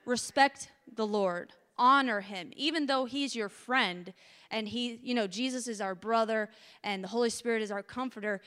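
A woman preaching a sermon in a lively, conversational way, repeating her key phrases for emphasis. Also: fairly high pitch, normal speed, long reverb tail.

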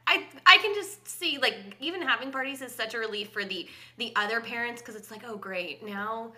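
A woman's voice: fairly high pitch, lively intonation, brisk, pushed and bright. A woman co-hosting a podcast, chatting casually and responding supportively. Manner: supportive, reacting briefly. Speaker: podcast co-host. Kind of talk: casual chat.

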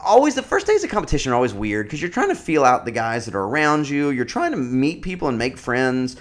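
A man's voice: medium pitch, huge pitch swings, fast talker. A man in his thirties telling a personal story in a casual, rambling way, full of fillers and restarts. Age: 30s.

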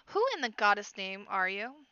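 A woman's voice: mid-range voice, big pitch swings, normal speed, sharp tone, clean tone, no room sound, muffled recording. Woman playing a grumbling burly rabbit guard. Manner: grumbling, flustered. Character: burly gruff male soldier rabbit guard.

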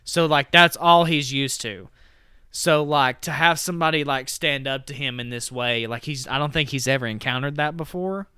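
A man's voice: medium pitch, normal speed, sharp tone, clear, resonant tone, no echo, clean studio sound. A man co-hosting a podcast, casually retelling a film's plot and filling his talk with "like" and "you know.". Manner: rambling, heavy on "like" and "you know". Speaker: podcast co-host. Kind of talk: casual movie recap.

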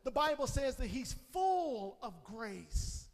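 A man preaching a sermon as pastor, calling on the congregation and swinging between shouted peaks and hushed low passages. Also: big pitch swings, slow. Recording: long hall reverb.

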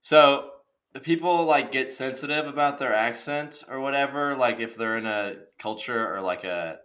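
A man's voice: medium pitch, normal speed. A young man from the Midwest, chatting casually and jokingly on a podcast. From American Midwest. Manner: excitable, jokey, says dude a lot.

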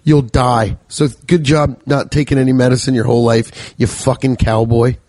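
A man's voice: mid-range voice, flat delivery, normal speed, mellow, dry recording, lightly acted. A man voicing a blunt, matter-of-fact middle-aged male doctor in a comic story. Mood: deadpan.

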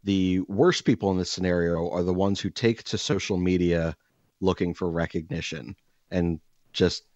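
A man co-hosting a podcast, telling a profane story in a casual, animated way and acting out what people said. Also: low voice, normal speed, no room sound, muffled recording. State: out of breath. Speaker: podcast co-host.

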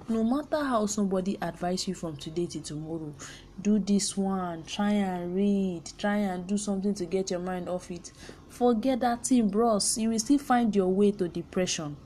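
A woman's voice: medium pitch, mellow, a little hiss or hum. A young Nigerian woman hosting a personal podcast, speaking candidly and earnestly and slipping in pidgin phrases. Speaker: podcast host.

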